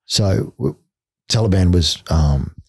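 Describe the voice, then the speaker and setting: A man's voice: sits low, animated, takes it slowly, gravelly, a little mellow, husky, no echo, clean studio sound. A middle-aged Australian man and army veteran, telling stories in a casual podcast interview, blunt and full of swearing. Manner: blunt, heavy swearing, laughing between stories.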